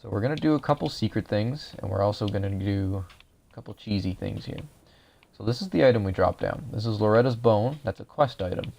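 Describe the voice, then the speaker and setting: Low gravelly-voiced man narrating gameplay. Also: brisk. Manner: relaxed, explanatory, talks viewers through each step. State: voice drying out. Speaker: game walkthrough narrator. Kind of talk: casual gameplay commentary.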